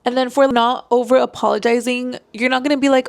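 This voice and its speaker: Creaky-voiced chatty woman. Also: on the high side, steady tone, fairly quick, few pauses, no echo. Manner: chatty, frequent "like" fillers. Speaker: vlogger giving relationship advice. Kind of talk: casual advice talk.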